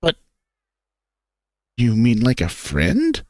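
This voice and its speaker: A man voicing a frightened young male lynx who talks in a loud whisper. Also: medium pitch, wildly swooping pitch, extremely slow, heavily acted. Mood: bewildered.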